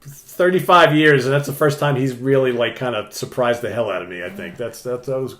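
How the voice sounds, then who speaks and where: A man's voice: mid-range voice, a little fast, fairly bright tone. An older man co-hosting a casual chat, talking hesitantly with lots of fillers. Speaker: co-host. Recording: roomy room sound.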